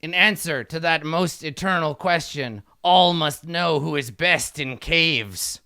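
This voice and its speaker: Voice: mid-range voice, bright, forceful tone, no room sound, studio quality, voice pushed up. A game master voicing a pompous, boastful male kobold king who rules a small tribe. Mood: grandiose. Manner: grandiose, drawn-out proclamations.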